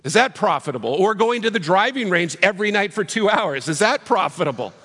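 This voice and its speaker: A man's voice: high voice, very animated, a little fast, bright, forceful tone, breathy edge, big-room sound. A man preaching a sermon as pastor, conversational, with rhetorical questions.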